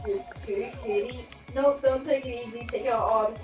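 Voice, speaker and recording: A woman's voice: on the high side, fairly even intonation, moderate pace, a little mellow, faint music behind. A woman chatting, laughing and bantering while playing a game on a stream. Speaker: co-player. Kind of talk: casual gaming stream chat.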